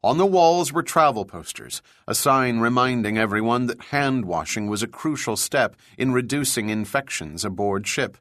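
A man reading a thriller audiobook in a steady, measured way, with a mid-range voice. The recording is close and dry, with no room sound. He keeps an even storytelling pace throughout. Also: medium pitch, no room sound. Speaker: audiobook narrator. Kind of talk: scripted narration.

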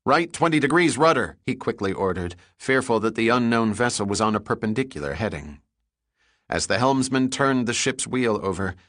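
Low-voiced male audiobook narrator. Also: a bit bright, dry recording, studio quality. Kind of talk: scripted narration.

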